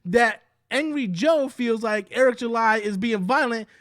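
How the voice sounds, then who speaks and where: A commentary YouTuber with a very high, a bit bright voice gives casual, heated commentary at an unhurried pace, recorded in studio quality with no room sound. He rambles, stumbles over his words, restarts sentences often, and does quoted impressions.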